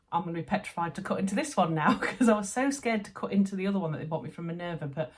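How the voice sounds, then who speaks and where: A woman's voice: mid-range voice, a little mellow. A Yorkshire woman in her thirties chatting to camera about sewing and gifts she has received, gushing and chatty. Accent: Yorkshire English. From Yorkshire, England. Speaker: sewing vlogger. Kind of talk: casual chat to camera.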